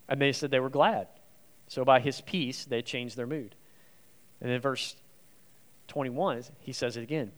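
A man's voice: medium pitch, moderate pace, clear, resonant tone. A man giving a conversational, emphatic sermon as a guest preacher in a church. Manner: earnest, emphatic, acts out quoted speech. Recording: long reverb of a large hall.

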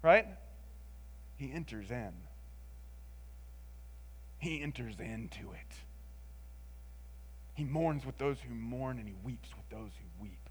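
A man preaching a sermon in an expressive, conversational way, moving between emphatic lines and hushed ones and often adding "like" and "right?". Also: mid-range voice, takes it slowly, pauses often.

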